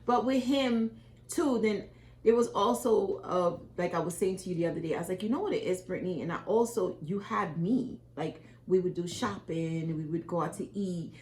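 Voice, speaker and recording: A woman's voice: lowish voice, normal speed, slight background noise. A middle-aged woman with a West Indian accent, talking candidly with her daughter and acting out quotes as she tells stories. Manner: emotional, animated storytelling with acted quotes. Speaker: mother and co-host. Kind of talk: candid family conversation.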